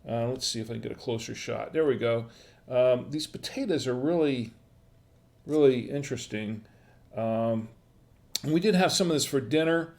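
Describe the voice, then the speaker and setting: A man's voice: medium pitch, moderate pace, vocal fry, a little mellow. Chatty man hosting a wine stream. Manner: rambling, frequent fillers and restarts; friendly, chatty. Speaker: wine review livestream host. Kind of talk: casual live-stream chat.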